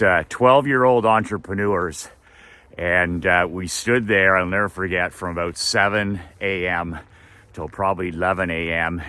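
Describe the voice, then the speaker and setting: A middle-aged man telling a personal story in a relaxed way, with fillers and laughs. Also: low voice. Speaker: business coach. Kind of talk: casual storytelling.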